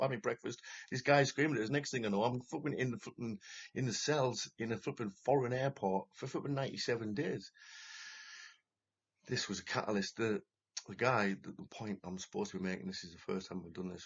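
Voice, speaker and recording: A man's voice: lowish voice, gravelly, breathy edge. A man telling his own story in an unscripted monologue, rambling and agitated, with heavy swearing and many restarts. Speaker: former talent show contestant telling his story. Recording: lo-fi, dull recording.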